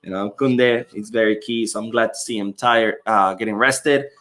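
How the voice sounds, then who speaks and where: A man's voice: lowish voice, steady tone, normal speed, a bit bright. Opinionated man hosting a football stream. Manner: opinionated, rambling, reads viewer comments aloud. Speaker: livestream host reading chat. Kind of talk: casual football watchalong commentary.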